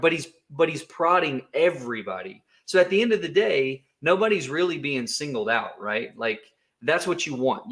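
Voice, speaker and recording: A man's voice: mid-range voice, a bit bright. A man co-hosting a livestream, talking casually and rambling, with frequent laughter and filler words. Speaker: livestream co-host.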